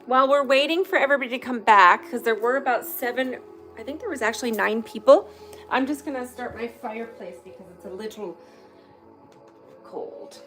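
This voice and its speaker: This is a chatty, candid live-stream host talking casually at home beside a fireplace, and she swears openly when irritated. Her voice runs a little high and a bit bright, the pace fairly quick, over soft background music.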